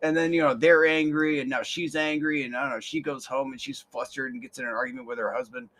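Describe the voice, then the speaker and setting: A man's voice: mid-range voice, steady tone, fast, fairly bright tone. A young man hosting a podcast, telling a rambling story with casual swearing and a lot of repeated words. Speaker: podcast host.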